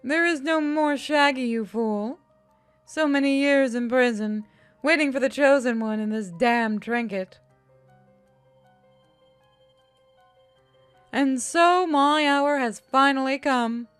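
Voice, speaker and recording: Girl doing an evil spirit voice, slow and smug, kinda high. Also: clear, resonant tone, no room sound, soft background music. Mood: triumphant. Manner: slow, theatrical, mocking. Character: gloating evil spirit possessing a young man.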